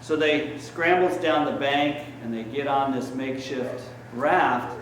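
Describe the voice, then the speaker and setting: Speaking a little slowly, a man with a medium-pitched, fairly bright voice preaches as a priest, spinning stories in a chatty style full of fillers. The church is echoey, the mic sits far off, and there's slight background noise.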